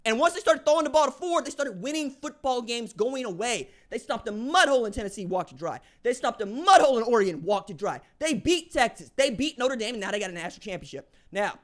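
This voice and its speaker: A man hosting a sports podcast, delivering an opinionated monologue in casual slang, swinging from low asides to loud hype shouts. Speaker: podcast host.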